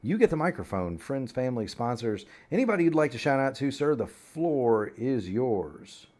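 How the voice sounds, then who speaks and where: A man's voice: medium pitch, big pitch swings, normal speed, darkish tone. A man hosting an online racing broadcast, rambling through the upcoming schedule in a folksy, chatty way. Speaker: sim racing broadcast host. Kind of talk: broadcast commentary.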